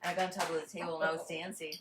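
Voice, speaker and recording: Woman, slight Texan accent, low voice, chatty storyteller, noisy home recording. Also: flat delivery, racing. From Texas. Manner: chatty storytelling with frequent fillers. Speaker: interviewee, family aunt. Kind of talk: casual family interview. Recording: audible background noise.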